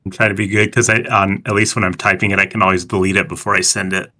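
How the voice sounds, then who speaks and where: A man's voice: deep voice, flat delivery, fast talker, bright, forceful tone. A man co-hosting a live stream, chatting casually and teasing with wry quips.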